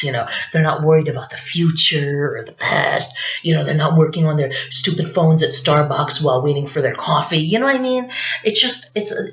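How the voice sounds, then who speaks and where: A woman's voice: deep voice, slight background noise. A woman in her fifties doing a rambling, confessional comic monologue, forever asking "you know what I'm saying". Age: 50s. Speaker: stand-up comedian. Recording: roomy, dull lo-fi recording.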